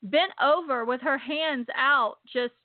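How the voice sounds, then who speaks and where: A woman giving an emotional personal religious testimony in an earnest, repetitive way, slowing down to stress key words. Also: sits high, dry recording. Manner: earnest, repetitive, slows down for emphasis. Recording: dry tinny phone-like sound.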